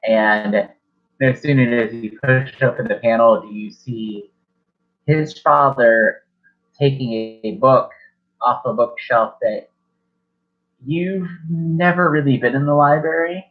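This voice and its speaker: A man's voice: mid-range voice, steady tone, slow pace. A man running a horror tabletop game as game master, rambling, self-correcting, swearing casually. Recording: dull lo-fi recording.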